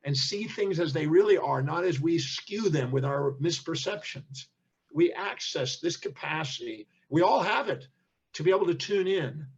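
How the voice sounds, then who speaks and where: Recorded with the highs cut off, this older seminar teacher speaks at a normal pace in a slightly high, creaky, husky voice. He's an animated storyteller in an interview, performing the quoted speech of each character.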